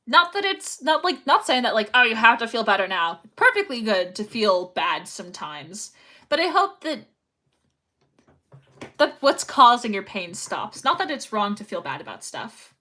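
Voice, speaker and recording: A woman's voice: fairly high pitch, big pitch swings, measured pace, sharp tone. A young woman chatting casually on a livestream while sewing, rambling and reading chat messages aloud. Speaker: live streamer.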